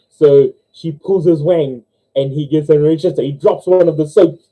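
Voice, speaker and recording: A young man with a New Zealand accent, hosting a casual livestream, telling jokes and stories, giggling often and squeaking when he voices characters. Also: steady tone, normal speed, mellow. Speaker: livestream host. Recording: dull lo-fi livestream audio.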